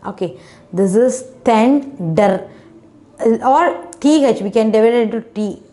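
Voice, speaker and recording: A woman's voice: medium pitch, normal speed, dark tone. A woman teaching a phonics lesson to children, spelling words letter by letter and often asking "isn't it?". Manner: non-native English grammar, often asks "isn't it?".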